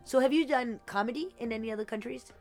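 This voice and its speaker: A woman's voice: on the high side, fast talker, a little mellow, soft background music. A woman guest in a casual podcast chat, thoughtful and given to mocking imitations of others. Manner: reflective, mocking quotes.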